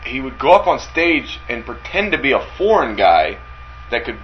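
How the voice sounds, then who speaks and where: A man's voice: medium pitch, big pitch swings, normal speed, dull audio, slight background noise. A man co-hosting a wrestling radio podcast, chatting casually, swearing often and acting out stories with lots of energy. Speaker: podcast co-host. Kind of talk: casual chat.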